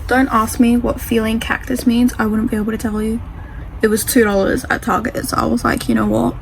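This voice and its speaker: High, gushing teen girl reading vlogger. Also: flat delivery, fairly quick, soft background music, rough recording. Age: teens. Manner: gushing, dramatic and emotional about a book. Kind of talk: casual reading vlog chat.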